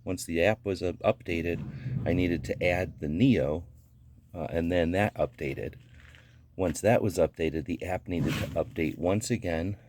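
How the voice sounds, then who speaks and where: A man casually walking through a gadget setup step by step, relaxed and plain-spoken with small fillers. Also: low-pitched, measured pace, a little hiss or hum. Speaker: gadget reviewer. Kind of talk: casual how-to walkthrough.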